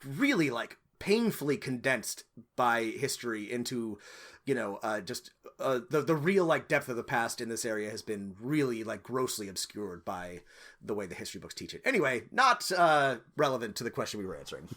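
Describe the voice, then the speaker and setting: A man's voice: mid-range voice, sing-song, normal speed, a bit bright. A man co-hosting a casual podcast, giving game master advice in a rambling, thinking-aloud way with lots of fillers.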